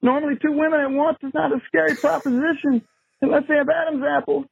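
A man leaves a voicemail in a mock-panicked, joking rant. His voice sits very high and gravelly. It comes through a tinny phone line with a dry, close sound. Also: fairly even intonation, fast, no room sound. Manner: jokey mock-panicked ranting. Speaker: voicemail caller.

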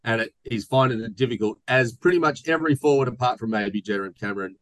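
A man's voice: mid-range voice, fast, fairly bright tone, no room sound, poor audio. An Australian man co-hosting a casual sports podcast, rambling and joking as he reads listener mail. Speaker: podcast co-host. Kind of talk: casual chat.

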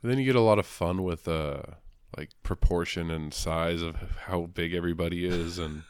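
A man with a very low voice talks comics in a loose, casual way. He swears often and slips into quick character voices. The sound is dry and close. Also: clear, resonant tone, no room sound. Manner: loose, profane, acts out characters in quick asides. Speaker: comic book discussion co-host. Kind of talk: casual chat.

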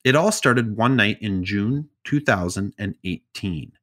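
Talking a little slowly in a lowish, fairly bright voice, this animated man co-hosts a podcast. His casual storytelling covers odd news items, peppered with jokes and side comments.

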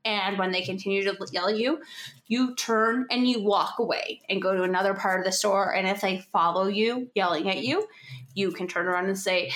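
A woman co-hosting a casual advice chat, emphatic and quick to laugh, acting out what to say. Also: mid-range voice, steady tone, a bit bright, reverberant. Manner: emphatic, laughs often, acts out lines.

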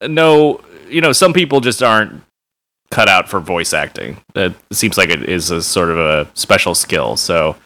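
A man in casual podcast banter, his voice fairly low yet bright and forceful. He laughs easily and talks in loose, hesitant bursts full of filler sounds. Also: animated, normal speed. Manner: laughs often, jokey, hesitant with many uhs. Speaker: podcast co-host. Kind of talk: casual chat.

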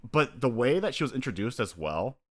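A man co-hosting a podcast in casual chat, animated, acting out characters' lines and his own reactions and laughing often. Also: medium pitch, fairly quick. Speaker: podcast co-host.

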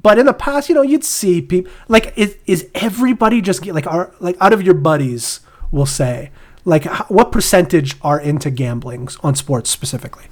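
Brief: young Canadian guy, slightly high voice, loose rambling podcast banter. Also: lively intonation, moderate pace. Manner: rambling, restarts and laughs often. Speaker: podcast co-host. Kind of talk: casual chat.

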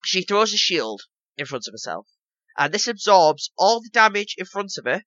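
A man's voice: high-pitched, very animated, moderate pace, fairly bright tone, no echo, muffled recording. A man co-hosting a casual gaming podcast, rambling and leaning on "basically" and "obviously" as he explains. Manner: rambling, repeats himself, lots of "basically" and "obviously". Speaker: podcast co-host.

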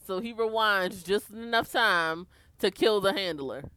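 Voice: medium pitch, measured pace, bright, forceful tone, clean tone. A podcast co-host casually recapping a TV episode, walking through the plot and quoting characters. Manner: conversational, narrates plot beats, quotes characters.

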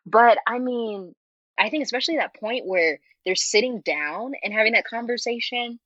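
A woman guest in a casual chat, talking in an animated way with frequent laughs and filler words. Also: on the high side, moderate pace, dry recording. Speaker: interview guest, fanfiction writer. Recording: muffled lo-fi audio.

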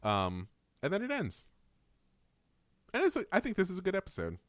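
A man's voice: high voice, normal speed, dry recording, studio quality. A young man co-hosting a podcast, retelling a cartoon episode in casual chat and laughing often. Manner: laughs often, animated retelling with mock quotes.

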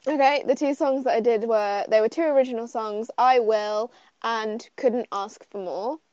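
Young woman, giggly, chatty, slightly high voice, dull lo-fi sound. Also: moderate pace, darkish tone, clean tone, dry recording. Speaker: singer, podcast guest. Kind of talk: casual chat.

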